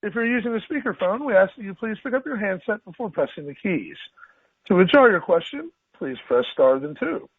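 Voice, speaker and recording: A man's voice: high-pitched, animated, brisk, husky, dry recording. A man working as a conference call operator, giving scripted instructions in a polite, formal way. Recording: tinny phone line with faint hiss.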